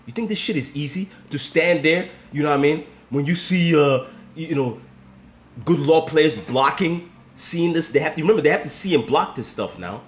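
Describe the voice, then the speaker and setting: High, lively-pitched man in a profane gaming rant. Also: normal speed, echoey room, slight background noise. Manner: swings between low grumbling and shouted outbursts. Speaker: fighting game content creator.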